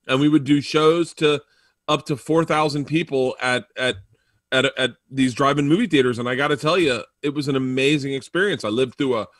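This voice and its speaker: A male comedian spins anecdotes with lots of energy, acting out each quoted line. His voice sits a little high for a man. The recording is dry and close. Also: a bit bright, no echo. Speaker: comedian guest. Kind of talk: storytelling in an interview.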